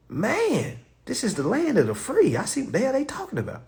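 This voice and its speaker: A man's voice: very high voice, wildly swooping pitch, brisk, darkish tone. A man teaching an online class in a casual, streetwise way, firing off profane rhetorical questions and laughing between points.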